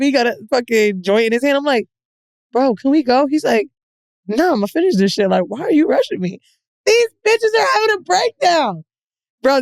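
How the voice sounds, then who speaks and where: A woman's voice: high voice, a little mellow, dry recording. A woman in her thirties co-hosting a podcast, telling a story in casual chat, acting out the quotes and swearing freely. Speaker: podcast co-host.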